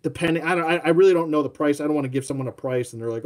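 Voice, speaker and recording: A man's voice: a little high, very fast, a little mellow. A man hosting a live toy showcase, chatting casually in a rambling, self-mocking way and talking to his dog. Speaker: toy collector host.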